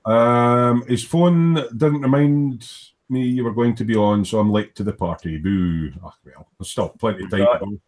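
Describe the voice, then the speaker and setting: A man's voice: medium pitch, moderate pace, a little mellow. A man hosting a casual live stream, chatting and reading out viewer comments. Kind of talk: casual chat.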